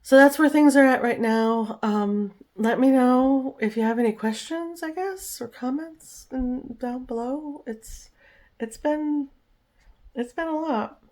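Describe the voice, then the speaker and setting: Slow, easygoing woman vlogger. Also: high-pitched. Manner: relaxed and chatty, coos at her dog. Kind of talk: casual home vlog chat. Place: home, indoors.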